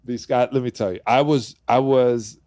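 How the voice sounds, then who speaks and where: A man in his fifties, a podcast guest, telling animated stories and acting out the voices of the people in them. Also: medium pitch, normal speed, no room sound, clean studio sound. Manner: acts out quoted voices, laughs while telling stories. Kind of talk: animated storytelling in conversation.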